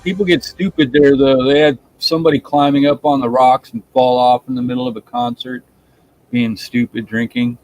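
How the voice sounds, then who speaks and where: A man's voice: medium pitch, fairly even intonation, moderate pace, a little mellow. A man co-hosting a stream, chatting casually in a laid-back way with short, easy replies. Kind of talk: casual chat. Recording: dull lo-fi sound, faint music.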